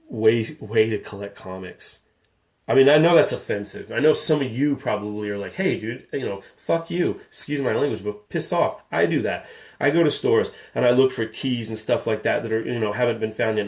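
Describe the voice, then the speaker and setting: A man in his thirties who collects comic books hosts a casual vlog, speaking at a medium pitch and moderate pace. He talks candidly and ramblingly, getting riled up along the way.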